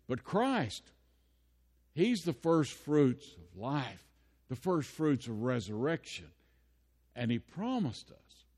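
A man's voice: medium pitch, dark tone. An older man preaching a sermon, telling folksy personal stories and building into impassioned preaching. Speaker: pastor. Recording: long hall reverb.

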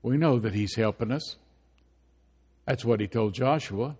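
A man's voice: medium pitch, unhurried, a little mellow, breathy edge, big-room sound. A man preaching a sermon, asking rhetorical questions and repeating his points over and over. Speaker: pastor.

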